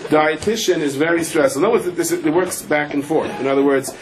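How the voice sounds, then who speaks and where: A middle-aged rabbi delivers a humorous sermon packed with anecdotes, sprinkling in Yiddish and Hebrew words and leaping up in pitch whenever he quotes someone. He talks a little fast, and the rough recording carries some hiss or hum.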